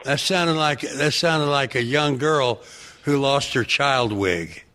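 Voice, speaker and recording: A male guest on a podcast, telling stories in an excitable, rambling way and breaking into loud laughs. His voice sits at an ordinary pitch but sounds bright and forceful. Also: slow, slight background noise. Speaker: guest, actor. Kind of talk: podcast interview, telling anecdotes.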